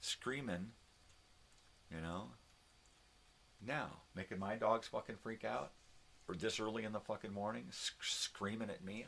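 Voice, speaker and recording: An older man with a deep, low-pitched voice talks casually at home and swears freely as he rants. A faint hum of ambient noise sits behind him. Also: unhurried, vocal fry, long pauses, fairly bright tone. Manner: profane, ranting, talks to his dogs. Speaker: vlog host. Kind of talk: casual morning chat. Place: home with dogs.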